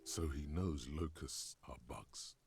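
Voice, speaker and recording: The inner voice of a video game in a measured, grave way. The voice sits extremely low and rumbles. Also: male voice, steady tone, background noise. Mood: narrating. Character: deep, measured inner-voice narrator. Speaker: game narrator. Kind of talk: scripted game narration.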